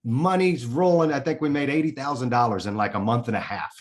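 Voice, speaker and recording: Animated man telling his story. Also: mid-range voice, a little fast. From Kansas City area. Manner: animated, swears freely, retells his own thoughts aloud. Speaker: interview guest. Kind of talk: casual storytelling interview.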